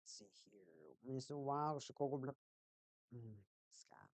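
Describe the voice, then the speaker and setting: A woman's voice: a bass voice, big pitch swings, normal speed, dry recording. A woman hosting a hockey watch party stream, chatting casually and playfully, rambling and repeating phrases in a sing-song way. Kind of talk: casual livestream chat with play-by-play.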